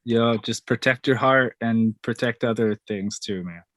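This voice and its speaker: A man hosting a music podcast in a relaxed, upbeat way. His voice sits at an average pitch and sounds dry and close, with no room echo. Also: a little slow. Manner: upbeat, friendly, chatty questions. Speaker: podcast host. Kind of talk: casual podcast interview.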